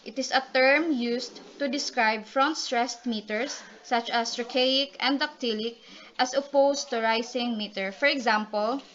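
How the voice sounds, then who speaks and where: A woman presenting a class report, reading definitions with frequent ums and restarts. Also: a little high. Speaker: student reporter. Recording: dull lo-fi recording with loud noise.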